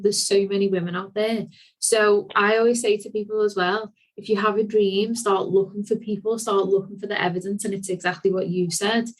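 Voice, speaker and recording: A woman with a Scouse accent hosting a podcast, talking in an effusive, enthusiastic way. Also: mid-range voice. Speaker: podcast host. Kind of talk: casual interview chat.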